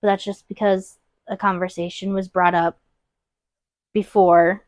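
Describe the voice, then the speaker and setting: A young woman co-hosting a podcast, openly telling her own story in a soft-spoken casual chat, with plenty of "like" fillers. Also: medium pitch, little pitch movement, unhurried, dry recording. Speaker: podcast co-host.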